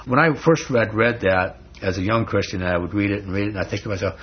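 A man's voice: on the low side, fast talker. A man teaching a Bible study in a conversational, folksy way, often restarting words. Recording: dull lo-fi recording.

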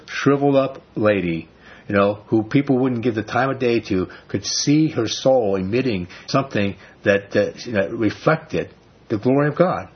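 A man's voice: mid-range voice, slightly rough, highs cut off. A man giving a conversational Bible sermon as a pastor, chatty, with frequent asides.

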